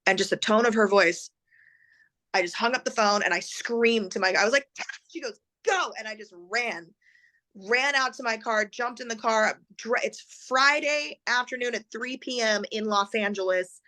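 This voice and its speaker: Bright-voiced woman telling a story. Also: on the high side, moderate pace. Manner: animated, acts out quoted voices. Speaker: guest. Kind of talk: emotional personal storytelling.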